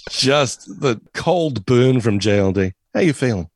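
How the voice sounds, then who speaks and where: A man's voice: medium pitch, lively intonation, measured pace, a little hiss or hum. A man co-hosting a casual podcast, laughing often and trying impressions as he chats. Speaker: podcast co-host. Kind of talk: casual chat.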